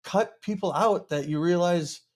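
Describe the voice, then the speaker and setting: A man's voice: high voice, measured pace, a little mellow. A man hosting a podcast interview who talks casually, rambles, restarts his sentences often and swears freely. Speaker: podcast host.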